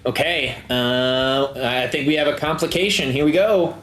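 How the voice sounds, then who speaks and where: A man running a tabletop game as game master, talking in a relaxed, halting way with many fillers. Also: medium pitch, faint music behind. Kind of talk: narrating a tabletop game over voice chat.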